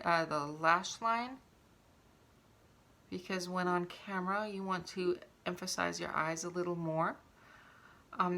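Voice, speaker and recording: A woman chatting casually through a makeup tutorial at home, talking while she applies it. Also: on the low side. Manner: chatty, relaxed, talks while applying makeup.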